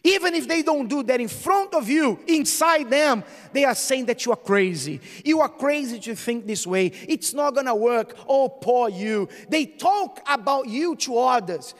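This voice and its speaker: A man's voice: very high-pitched, lively intonation, measured pace, hardly any pauses. A man preaching a sermon as a bishop, asking the congregation questions and answering them himself. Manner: preaching with call-and-response questions. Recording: church hall reverb.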